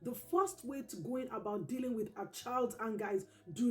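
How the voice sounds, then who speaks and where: A woman hosting a parenting channel, giving advice straight to camera, repeating each key point slowly and emphatically. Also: on the high side, darkish tone, faint music behind.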